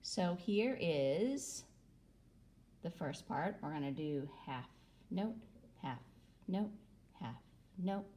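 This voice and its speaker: Slow, patient woman music teacher. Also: lowish voice, lively intonation, warm tone, a little hiss or hum. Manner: patient, adds "okay?" after nearly every phrase. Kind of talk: recorder lesson for children.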